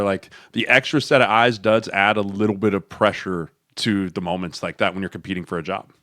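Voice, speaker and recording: A man co-hosting a football podcast, telling locker-room stories with lively acted-out voices and a habit of saying "right?". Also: fairly low pitch, no echo, clean studio sound. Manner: animated storytelling, acts out coaches and players in quick voices, says "right?" a lot. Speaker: podcast co-host, former NFL lineman. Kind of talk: casual sports podcast chat.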